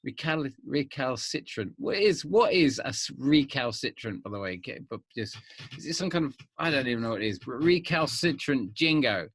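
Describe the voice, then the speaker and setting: A man's voice: fairly high pitch, fairly quick, husky, no room sound. Rambling man in his fifties. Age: 50s. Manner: rambling, many restarts, animated swings in loudness. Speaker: vlogger. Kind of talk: casual monologue to camera.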